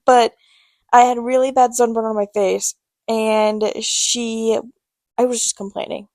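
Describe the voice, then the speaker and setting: Woman podcast co-host, playful storyteller, a bit high, dry close sound. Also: level tone, a little slow, darkish tone, no echo. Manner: laughing storyteller, chatty and playful. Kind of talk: casual chat.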